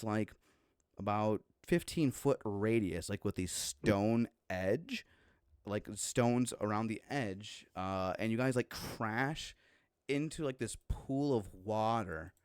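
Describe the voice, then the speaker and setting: A man's voice: lowish voice, smooth, dry recording, studio quality. A man running a horror tabletop game as game master, narrating loosely with plenty of fillers.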